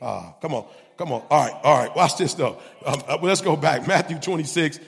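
A man preaching an animated sermon, laughing often and breaking into shouts. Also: fairly high pitch, fairly quick, vocal fry, in a large hall.

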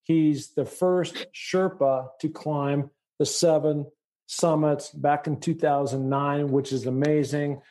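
A man's voice: on the high side, fairly even intonation, slow, dark tone. A middle-aged man from the United States hosting a podcast interview, talking with enthusiasm and rambling with many fillers. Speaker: podcast host.

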